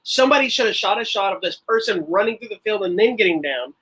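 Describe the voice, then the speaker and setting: A man's voice: high-pitched, animated, fast, a bit bright, breathy edge, rough recording. A man co-hosting a podcast, rambling through a casual movie review and laughing often. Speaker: podcast co-host.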